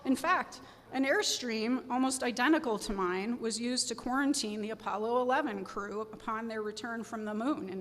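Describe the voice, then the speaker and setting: A woman's voice: on the high side, a little hiss or hum. A woman giving a sermon as guest preacher, telling a personal story in an earnest, reflective way. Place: church sanctuary. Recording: long reverb of a church sanctuary.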